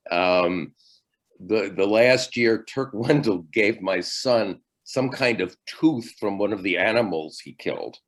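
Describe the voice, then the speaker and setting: An older man teaching a class over a video call, talking haltingly with many fillers and restarts. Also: fairly low pitch. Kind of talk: virtual class lecture.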